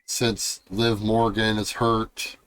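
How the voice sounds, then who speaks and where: A man hosting a wrestling podcast in casual chat, laid-back and unhurried as he runs through the news. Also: fairly low pitch, little pitch movement, a bit bright, smooth. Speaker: podcast host.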